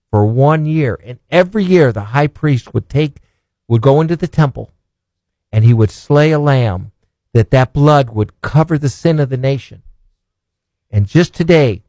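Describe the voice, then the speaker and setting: A man in a mid-range voice delivers an earnest sermon, reading scripture and pressing his points with rhetorical questions. He slows down to dwell on key phrases. The sound is dry and close, with no room in it. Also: mid-range voice, darkish tone, dry recording. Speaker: preacher and broadcast host.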